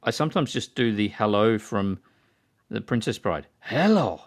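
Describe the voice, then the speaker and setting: A man's voice: lowish voice, normal speed. A man hosting a casual podcast chat, chatty and prone to quoting films. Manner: chatty, quotes films in put-on voices. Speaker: podcast host.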